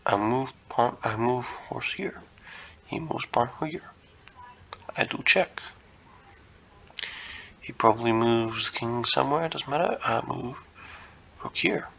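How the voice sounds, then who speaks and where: Bright gravelly man thinking aloud. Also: medium pitch, lively intonation, takes it slowly, long pauses, dull audio, slight background noise. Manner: muttering to himself, hesitant, self-correcting. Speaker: chess content creator. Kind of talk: casual think-aloud commentary while solving puzzles.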